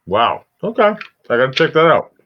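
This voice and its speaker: Man, animated pitch, blunt and sweary, quick reactions, muffled lo-fi sound. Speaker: co-host asking would-you-rather questions. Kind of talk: casual comedy chat. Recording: dull lo-fi sound.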